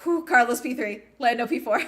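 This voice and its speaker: A woman streams a live watch-along in a mid-pitched voice, talking casually to her viewers. She is chatty and excitable, cheering loudly at big moments and swearing freely.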